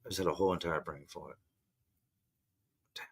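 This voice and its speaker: A man's voice: low-pitched, steady tone, moderate pace, gravelly, breathy edge. A man in his forties telling a personal story in a loose, rambling, slangy way, saying he's just woken up and isn't a morning person. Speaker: podcast host. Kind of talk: casual storytelling.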